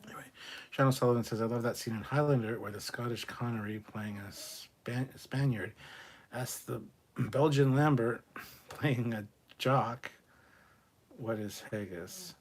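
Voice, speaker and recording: A man's voice: medium pitch, a little slow, breathy edge. A man hosting a casual live stream, reading out and answering viewer chat messages with loose jokes and the odd swear. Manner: joking, swears, chats loosely.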